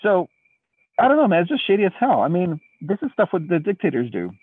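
This podcast co-host has a high, husky voice with huge swings in pitch, and he talks fast. Speaking from outdoors at night, he explains current events at length in a casual, indignant political chat. There's no echo, but the remote line sounds tinny, distant and phone-like.

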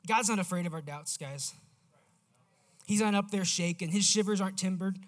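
Male preacher, high voice, casual and animated, storytelling sermon. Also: normal speed.

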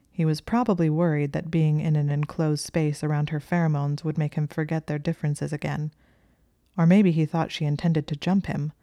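A woman reading a story aloud in a steady, even storytelling manner. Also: deep voice, no echo, studio quality. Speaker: audiobook reader. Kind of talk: reading fan fiction aloud.

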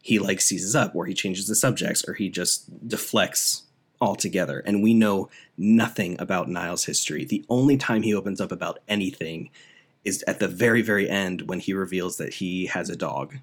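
A man's voice: low voice, normal speed, slightly rough. A man co-hosting a podcast, chatting casually and enthusiastically about a movie, rambling and laughing often. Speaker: podcast co-host. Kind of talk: casual movie review chat.

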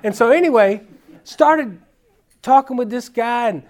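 A man who is a children's minister, telling stories at a conference in an animated, folksy way with casual slang. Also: very high-pitched, unhurried. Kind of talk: storytelling conference talk.

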